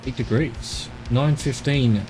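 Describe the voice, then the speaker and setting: Australian male streamer, loose rambling commentary, soft music underneath. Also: mid-range voice, slow pace. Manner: rambling, muttering to himself while exploring. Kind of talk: casual live-stream commentary.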